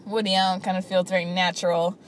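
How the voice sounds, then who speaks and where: A woman chatting casually to camera, talking in quick bursts and restarting her sentences. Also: lowish voice, little pitch movement. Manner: chatty, peppered with "like", frequent restarts. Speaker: vlogger. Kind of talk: casual chat.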